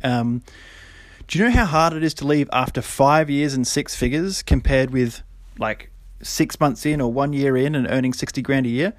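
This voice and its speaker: A young man hosting a solo podcast, talking casually and then getting preachy and animated, with lots of fillers and quick laughs. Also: mid-range voice, no room sound. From Australia. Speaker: podcast host.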